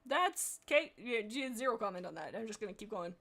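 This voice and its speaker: A woman streamer reading fan fiction aloud, breaking off often for excitable, laughing commentary. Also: on the high side, a little fast, hardly any pauses.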